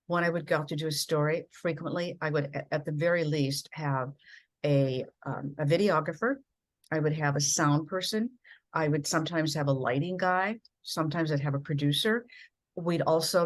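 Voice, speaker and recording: A middle-aged or older woman from Minnesota, a veteran TV news journalist, telling career stories earnestly and emphatically in an interview. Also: low-pitched. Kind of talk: conversational interview storytelling.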